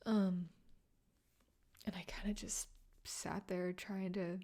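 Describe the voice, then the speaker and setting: A woman podcast host telling a personal story in a soft, halting, tearful way, often dropping to a whisper. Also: fairly low pitch, flat delivery. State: emotional, near tears. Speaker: podcast host and grief coach. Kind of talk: personal solo podcast monologue.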